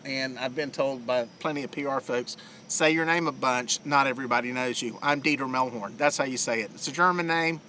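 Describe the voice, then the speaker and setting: Bright-voiced Southern man chatting live. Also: mid-range voice, a little hiss or hum. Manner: rambling, lots of uh fillers. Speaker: fishing livestream host. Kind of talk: casual live-stream chat. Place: outdoors on a lake.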